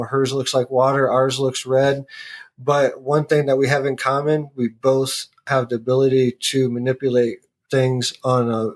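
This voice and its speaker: A man speaking as a podcast guest in an earnest, rambling way with many restarts. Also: medium pitch. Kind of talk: casual interview talk.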